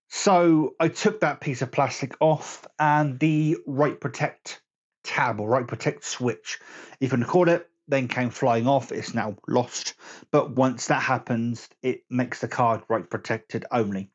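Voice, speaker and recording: A man's voice: mid-range voice, dull audio. A man vlogging about board games in casual chat to camera at home, rambling and correcting his own slips as he goes. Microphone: phone camera.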